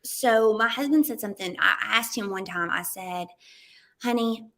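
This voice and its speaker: A woman guest on an interview, telling stories in a casual, animated way and acting out quotes and sounds. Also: medium pitch, normal speed, vocal fry. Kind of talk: casual anecdotal storytelling.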